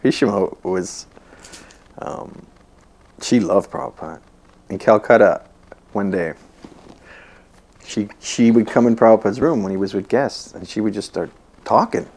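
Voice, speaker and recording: A man's voice: lowish voice, unhurried, pauses often, a little mellow. A man telling casual anecdotes about his spiritual teacher, chatty and laughing as he goes. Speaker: devotee recalling memories.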